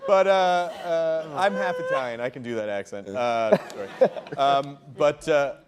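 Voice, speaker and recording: A man's voice: on the high side, measured pace, a crowd in the background. A man hosting a talk show, chatting casually with a guest, bubbly and rambling. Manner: bubbly, rambling, laughing often. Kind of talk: casual interview chat.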